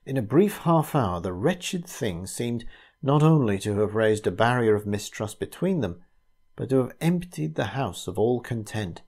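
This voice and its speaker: A man reads a classic ghost story aloud at a measured, steady pace. His voice is mellow and warm, sitting in a middle register. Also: medium pitch, breathy edge. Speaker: narrator.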